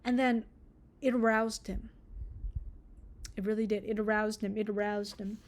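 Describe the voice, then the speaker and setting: A woman's voice: mid-range voice, fairly even intonation, moderate pace. A young woman reviewing a book in a casual vlog, ranting, sarcastic and swearing freely. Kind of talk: casual book review with read-aloud passages.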